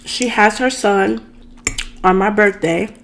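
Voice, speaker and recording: Slow, gravelly woman telling a dramatic story. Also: mid-range voice. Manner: chatty, dramatic storyteller who addresses viewers directly. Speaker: food and storytime vlogger. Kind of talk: casual storytime rant.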